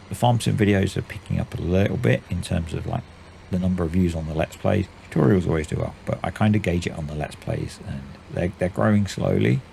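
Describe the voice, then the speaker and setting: A man in his forties chatting casually and rambling while commenting on his own gameplay, in a voice he calls usually monotone. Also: low voice, vocal fry, slight background noise. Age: 40s. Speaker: gaming channel host. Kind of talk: casual let's-play commentary.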